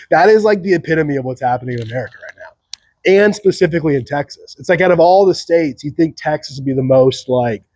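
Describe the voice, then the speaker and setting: A man in a solo commentary rambles on, stacking up fillers and breaking into short laughs. His voice sits slightly high. The recording is dry, with no room sound. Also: fairly quick, darkish tone, no echo. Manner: rambling, many "like" fillers, laughs between remarks. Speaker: channel host.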